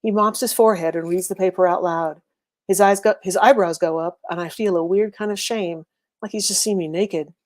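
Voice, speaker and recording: A woman's voice: fairly low pitch, fairly even intonation, a little fast. Woman reading a wry first-person story. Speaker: reader.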